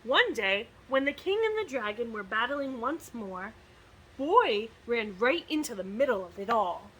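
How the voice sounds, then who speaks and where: A woman reading a picture book aloud to children with expressive, sing-song storytelling. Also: on the high side, a little slow, slightly rough, rough recording. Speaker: student success advisor reading to children.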